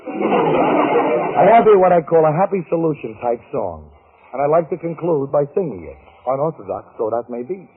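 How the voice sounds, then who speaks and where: A middle-aged man hosting a radio comedy show, giving a deadpan mock lecture with songs, on an old broadcast recording. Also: a little high, moderate pace, narrow, tinny audio. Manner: deadpan mock-scholarly delivery.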